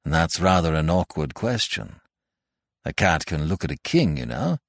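A man reading a story aloud, voicing a calm, wry older doctor who speaks soothingly and matter-of-factly. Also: rumbling low, no echo, clean studio sound, heavily acted. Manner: soothing, unhurried, matter-of-fact.

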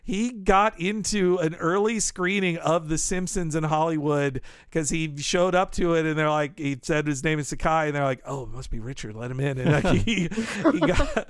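A man's voice: on the high side, moderate pace, few pauses, smooth, no echo, studio quality. A man co-hosting a casual podcast chat, talking in a thoughtful, hedging way. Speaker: podcast co-host.

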